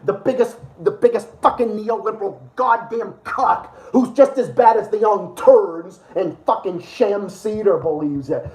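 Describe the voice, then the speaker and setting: A man's voice: very high voice, animated, moderate pace, few pauses, darkish tone, reverberant, rough recording. A man hosting a livestream and ranting over clips in a profane, sarcastic, exasperated way. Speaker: livestream host.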